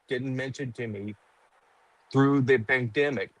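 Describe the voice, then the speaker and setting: A man's voice: mid-range voice, unhurried, a bit bright, dry recording, poor audio. A middle-aged man in casual podcast chat, telling stories animatedly, acting out quotes and swearing freely. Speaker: cigar company guest.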